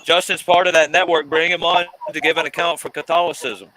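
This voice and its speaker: A man's voice: on the high side, level tone, fairly quick, bright, forceful tone, poor audio. A man hosting a live podcast, confronting a caller in a profane, mocking way. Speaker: podcast host. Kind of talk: heated live debate.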